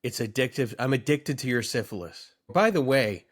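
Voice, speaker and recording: A man's voice: medium pitch, moderate pace. A man co-hosting a comedy podcast, riffing and joking in casual chat. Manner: joking, animated riffing with bursts of laughter. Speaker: podcast co-host.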